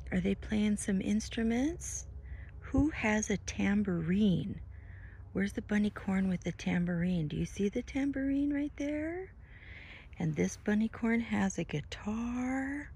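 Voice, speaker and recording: A woman reads a picture book to small children in a lilting, sing-song voice that swoops up high on her questions. Her pace is slow and unhurried, with a gravelly edge and frequent breathy whispers. A faint hiss sits under the recording. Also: a little mellow. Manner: sing-song, coaxing questions to little listeners. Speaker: storytime reader. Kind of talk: reading a picture book aloud to young children.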